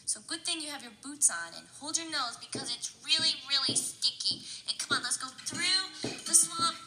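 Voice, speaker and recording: High-voiced lady leading a kids storytime chant, animated and coaxing, music in the background. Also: moderate pace. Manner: animated, sing-song, coaxing a young audience. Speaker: children's librarian. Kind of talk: interactive children's storytime chant.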